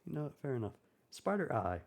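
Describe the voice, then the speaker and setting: A man's voice: mid-range voice, very animated, fast talker, creaky, a little mellow. A man playing a tabletop game who jokes, teases and laughs often. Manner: playful, teasing, laughs often. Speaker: player.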